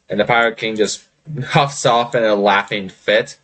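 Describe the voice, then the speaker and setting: A man's voice: lowish voice, fairly even intonation, moderate pace, fairly bright tone. A man acting as game master, narrating a tabletop game in a casual, rambling way over a voice call.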